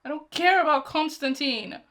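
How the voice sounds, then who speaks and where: A woman's voice: high voice, normal speed, fairly bright tone. A young woman hosting a reaction video, chatting casually and emotionally, talking back at the screen.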